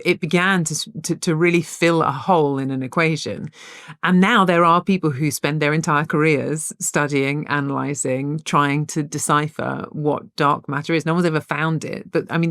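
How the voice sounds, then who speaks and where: A woman's voice: sits low, no room sound, clean studio sound. A woman co-hosting a podcast in casual chat, a chatty storyteller who often laughs mid-sentence. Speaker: podcast co-host.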